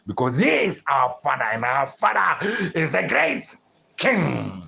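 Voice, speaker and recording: A man preaching a sermon, building rhythmic repeated phrases that swell into loud, fervent peaks. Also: mid-range voice, expressive, a little slow, creaky, low-quality recording. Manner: rhythmic repetition with sudden swells.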